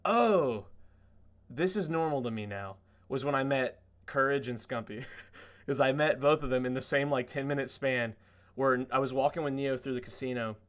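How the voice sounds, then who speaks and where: A man's voice: mid-range voice, moderate pace, fairly bright tone. Rambling, swearing man hosting a podcast. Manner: rambling storyteller, heavy on "like" fillers and swearing. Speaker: podcast host. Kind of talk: casual podcast chat.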